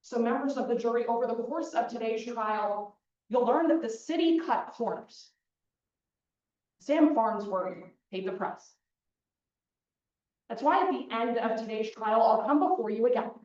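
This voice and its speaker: A young woman giving a persuasive opening statement as plaintiff attorney in a mock trial, speaking in a measured way straight to the jury. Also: fairly high pitch, darkish tone. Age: young adult. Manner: measured, addresses the jury directly. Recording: dull, echoey hall from far off.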